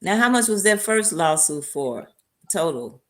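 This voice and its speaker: A woman's voice: fairly low pitch, very animated, measured pace. A woman hosting a round table discussion, asking short probing questions. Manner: brief probing questions and listening murmurs. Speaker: host.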